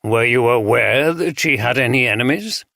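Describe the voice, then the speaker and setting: A man's voice: medium pitch, normal speed, gravelly, bright, forceful tone, no echo, studio quality. A man voicing a plain-spoken male detective chief inspector with a northern English accent. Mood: businesslike.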